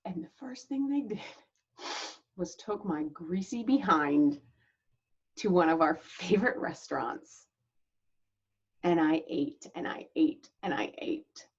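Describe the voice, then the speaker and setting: A woman hosts her own channel and tells her personal story with a frank, chatty openness, breaking into small laughs between lines. Her voice sits a little low for a woman. The recording sounds dull and lo-fi. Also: takes it slowly, long pauses, husky. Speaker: channel host.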